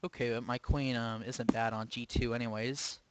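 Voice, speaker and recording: A man's voice: medium pitch, level tone, moderate pace, noisy background. A man commentating his own online chess game live, thinking aloud with hesitant, self-questioning remarks. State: sleepy, yawning. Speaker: chess streamer.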